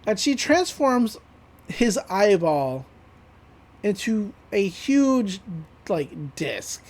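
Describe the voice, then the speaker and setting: A man with a high voice talks through an anime episode on a podcast. His retelling rambles, full of fillers and little laughs. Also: sing-song, drawn-out words, darkish tone. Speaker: podcast co-host. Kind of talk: casual anime episode recap.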